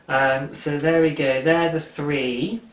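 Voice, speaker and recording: A man's voice: fairly high pitch, fairly even intonation, slow pace. A man hosting a knitting podcast, talking casually to camera in a chatty, rambling, self-mocking way. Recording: roomy echo, mic at a distance.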